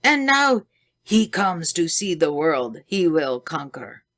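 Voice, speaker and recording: A woman's voice: deep voice, sing-song, slow, a bit bright, exaggerated voice. A woman voicing an agitated older male scientist with a German accent, crying out in distress. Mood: anguished.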